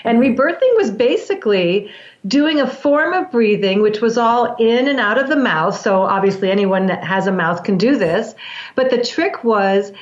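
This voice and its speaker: Woman, breath work coach, interview guest, earnest teaching talk, somewhat high voice, dull lo-fi sound. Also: expressive, normal speed, reverberant. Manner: earnest, teaching, many restarts.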